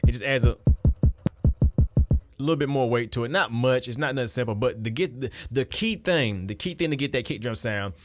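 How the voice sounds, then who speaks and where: A man's voice: mid-range voice, a little fast, loud music behind the voice. A man talking casually through a beat-making tutorial at his computer, loose and conversational with frequent restarts. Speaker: music producer.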